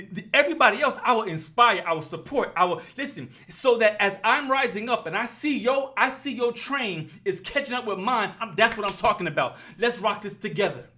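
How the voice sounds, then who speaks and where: Preachy and impassioned, a male YouTube commentator gives a motivational vlog talk, hammering home points by repeating phrases. His voice is high-pitched, pushed and bright.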